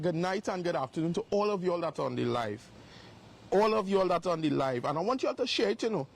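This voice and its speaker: Emphatic high-voiced man. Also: breathy edge. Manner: emphatic, repetitive, accusing. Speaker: live-stream host. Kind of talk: livestream exposé. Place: outdoors by a property.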